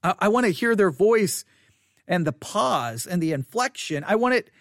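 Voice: mid-range voice, very animated, normal speed, dry recording. A podcaster talking alone into a close microphone, reacting with incredulous asides and many restarts. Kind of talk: solo podcast commentary on listener statistics. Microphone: studio microphone up close.

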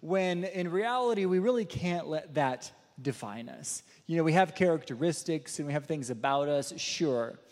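A man's voice: fairly high pitch, animated, moderate pace, few pauses, a little mellow. A man telling a personal story in a sermon, chatty and self-deprecating, laughing often. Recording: long reverb of a large hall.

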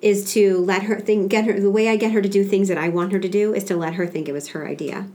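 A woman's voice: mid-range voice, steady tone, fast talker, dark tone. A woman in her thirties chatting casually and reflectively about parenting, rambling a little. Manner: reflective, slightly rambling, with many restarts. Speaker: podcast co-host, mother of a kindergartner. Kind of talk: casual chat.

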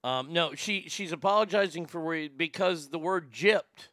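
A man's voice: fairly high pitch, normal speed, fairly bright tone, no echo. A man co-hosting a podcast, rambling through news stories in crude, profane, casual commentary. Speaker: podcast co-host.

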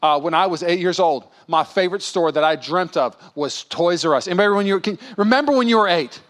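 A man in his thirties preaching a sermon as pastor, animated and acting out quoted voices. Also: sits high, fast talker.

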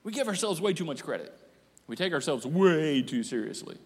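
A man preaching a sermon as pastor, animated and joking, acting out the voices of people he quotes. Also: a little high, brisk, breathy edge. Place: church auditorium. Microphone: handheld microphone on stage. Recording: echoey church hall.

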